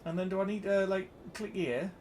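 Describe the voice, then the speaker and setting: A man's voice: high voice, a little fast, darkish tone. A man streaming a city-building game, swearing constantly in a put-on Geordie accent. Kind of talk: casual gaming livestream banter. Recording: noisy stream audio.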